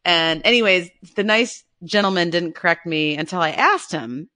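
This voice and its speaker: Bubbly podcast lady, bright voice, laughs a lot, chatty. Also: lowish voice, normal speed. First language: English. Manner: bubbly, laughs often, self-teasing. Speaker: podcast co-host. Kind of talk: casual chat.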